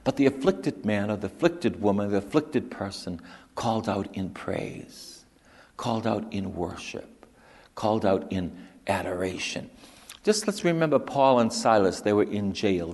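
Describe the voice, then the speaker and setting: Slow gravelly preacher in an echoing hall. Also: male voice, fairly low pitch, expressive, a little mellow. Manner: slow and repetitive, dropping to whispers for emphasis. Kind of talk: sermon.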